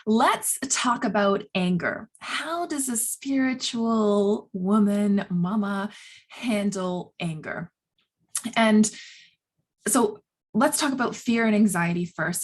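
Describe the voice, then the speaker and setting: A woman health coach talking casually to camera, chatty and animated, with lots of filler words. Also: mid-range voice.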